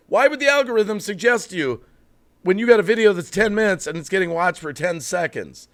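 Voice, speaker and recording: A man hosts a live stream and rants bluntly about channel growth. His voice sits high and jumps all over the place as he gets worked up. Now and then he drops into sheepish apologies. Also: animated, brisk, a bit bright. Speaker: livestream host. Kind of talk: live-stream rant to chat.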